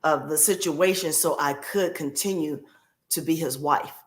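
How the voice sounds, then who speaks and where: A woman's voice: low-pitched, measured pace. A woman guest on a podcast, telling a personal caregiving story in a heartfelt way and repeating key phrases for emphasis.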